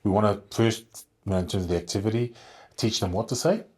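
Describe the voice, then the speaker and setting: A man's voice: on the low side, quick pace, a little mellow, breathy edge. A man, a contact centre leader talking as a podcast guest, thoughtful and rambling with many fillers and restarts. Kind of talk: conversational podcast interview.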